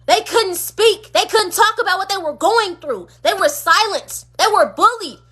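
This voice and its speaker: A woman with a very high, bright, cutting voice speaks into her phone on a livestream. She rants with fervent emphasis, circling back to the same pointed questions again and again. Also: animated, normal speed. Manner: emphatic, repetitive rhetorical questions. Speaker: streamer. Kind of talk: impassioned livestream rant.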